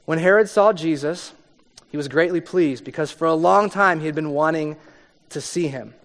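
A man's voice: a little high, moderate pace. A man preaching a conversational sermon, reading scripture and explaining it, sometimes acting out the people in the story. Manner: conversational preaching, acts out voices with rising intensity. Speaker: pastor. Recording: long hall reverb.

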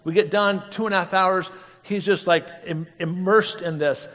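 Guy preaching, kinda high voice, animated storyteller, big hall echo. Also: normal speed. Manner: animated, laughing storyteller with rhetorical questions. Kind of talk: storytelling sermon. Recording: long reverb of a big hall.

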